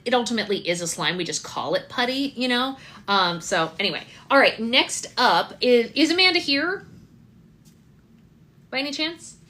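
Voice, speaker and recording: A woman's voice: medium pitch, bright, forceful tone. A woman in her thirties hosting a slime live stream, chatting casually and telling stories with lots of ums. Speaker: slime shop host.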